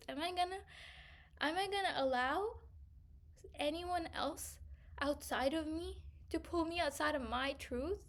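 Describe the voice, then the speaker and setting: A young woman vlogging an emotional personal monologue, reflective and searching, trailing off with frequent "like" fillers and sometimes tearful. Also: sits high. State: tearful at times.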